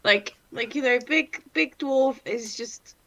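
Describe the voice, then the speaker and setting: A woman's voice: on the high side, slow pace, fairly bright tone. A woman player at a tabletop game, chatting in an amused way. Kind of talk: casual chat.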